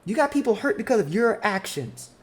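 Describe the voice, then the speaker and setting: A woman's voice: fairly high pitch, very animated, brisk, voice pushed up. A game master voicing a stern older sister who runs a shop and lectures her younger siblings in an exasperated tone. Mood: scolding.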